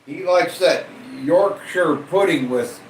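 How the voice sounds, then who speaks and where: A man hosting a late-night livestream, casually chatting and teasing viewers as he reads their comments. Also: a little high. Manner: slow, rambling, teasing. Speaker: livestream host. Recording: roomy sound from some distance off the mic, faint background hum.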